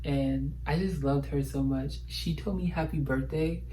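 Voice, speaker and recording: Animated, slangy young man vlogging. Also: a little high, a little slow, slight background noise, poor audio. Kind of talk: casual chat to camera.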